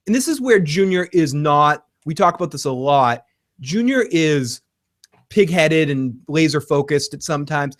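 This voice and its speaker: Man, recap co-host, slightly high voice, lively and laughing, acts out lines. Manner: animated, laughs often, acts out quotes. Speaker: podcast co-host. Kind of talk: casual recap chat.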